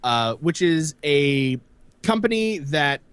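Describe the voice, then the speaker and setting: Taking things slowly in a smooth, slightly high voice with no room sound, this gaming podcast co-host walks casually through the news. His animated style wanders, full of fillers.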